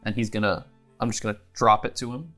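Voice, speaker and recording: A man's voice: fairly low pitch, fairly even intonation, quick pace, a bit bright, soft background music. A man playing a tabletop game in a casual, easygoing way, often breaking into laughs. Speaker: player.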